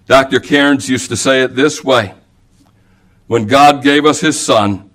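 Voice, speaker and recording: A man preaching an evangelical sermon, slow and emphatic, quoting King James scripture at length. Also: mid-range voice, a bit bright.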